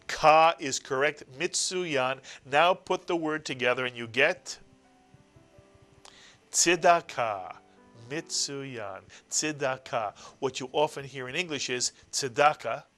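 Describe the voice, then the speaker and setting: Brief: middle-aged male teacher, patient and repetitive, bright forceful voice, faint music behind. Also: medium pitch. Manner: patient, explains slowly, repeats key words. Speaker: Hebrew teacher. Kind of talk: classroom-style language lesson.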